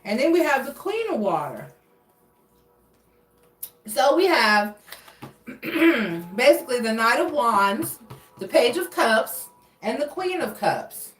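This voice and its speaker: Tarot reader, female, higher voice, rambling searching delivery, roomy echo, off-mic. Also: big pitch swings, slow pace, pauses often, faint music behind. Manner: rambling, searching for words, frequent restarts. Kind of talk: casual tarot reading monologue. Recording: echoey room, voice a bit far from mic.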